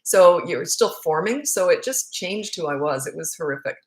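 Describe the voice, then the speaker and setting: A middle-aged woman coaching parents in a relaxed question-and-answer session. Her voice sits a little low, and she speaks bluntly and frankly, often repeating a word to drive her point home. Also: normal speed. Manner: blunt, frank and emphatic, repeats words for stress. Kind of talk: casual Q&A answering viewer questions.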